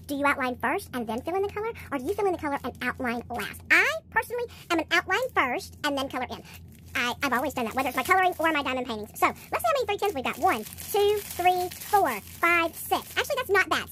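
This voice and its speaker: Lady sped up chipmunk style, super squeaky, excited unboxing chatter. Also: slight background noise. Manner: gushing, exclamatory, counting items aloud. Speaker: craft video host.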